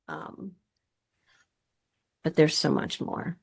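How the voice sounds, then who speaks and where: A woman's voice: fairly low pitch, expressive, a little slow, gravelly, pauses often. A woman presenting a workshop in a chatty, informal teaching style. She acts out the voices of the people she quotes.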